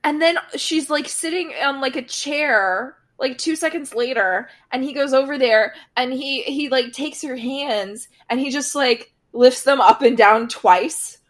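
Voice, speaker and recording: A woman's voice: high voice, unhurried, hardly any pauses. A woman co-hosting a casual podcast, chatting about a TV episode with wry, amused asides. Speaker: podcast co-host. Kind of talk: casual chat recapping a TV episode.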